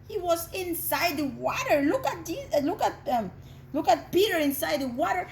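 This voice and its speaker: Woman, children's Bible teacher, high lively voice, dramatic gasps, echoey room. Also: normal speed, a little hiss or hum. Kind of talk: storytelling lesson for children.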